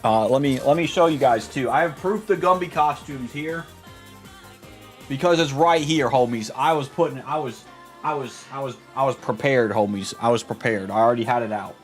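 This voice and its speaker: A man's voice: medium pitch, normal speed, faint music behind. A young man chatting casually on a stream, rambling and trying out silly voices.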